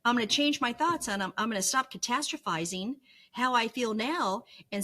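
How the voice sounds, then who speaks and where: A woman's voice: a little high, animated, a little fast, bright, forceful tone. A middle-aged woman talking candidly in a personal vlog from her bedroom, earnest and confessional with flashes of self-mocking humor. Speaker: vlogger sharing her illness recovery. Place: home bedroom.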